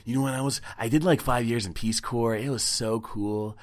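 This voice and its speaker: A man's voice: medium pitch, steady tone, normal speed, pitched above the performer's own voice, lightly acted. A man mimicking a smug young male do-gooder who brags about his volunteer work, in a gushing, self-satisfied voice.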